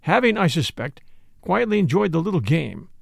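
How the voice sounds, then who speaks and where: A man's voice: on the high side, sing-song, moderate pace, creaky, dry recording. A man giving a dramatic, dry-humored first-person reading of a classic mystery novel. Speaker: audiobook reader.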